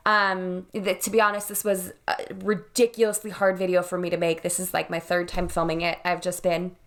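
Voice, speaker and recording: A woman's voice: on the low side, little pitch movement, a little fast, a bit bright. Wedding planner lady in her 30s vlogging from home, earnest, reassuring, a little emotional. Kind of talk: direct-to-camera vlog.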